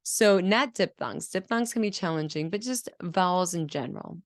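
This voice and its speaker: A woman speech-language pathologist explaining children's speech patterns in a clear, teaching manner and acting out sounds as examples. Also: on the low side, lively intonation, normal speed, no echo, clean studio sound. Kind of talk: teaching video lesson.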